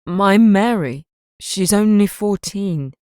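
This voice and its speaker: Dad in shock, read by a woman, halting, slow, dry audiobook read. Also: fairly low pitch, no room sound. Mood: distraught. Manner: halting, stammering, broken speech. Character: grief-stricken father in his forties, dazed and shaken.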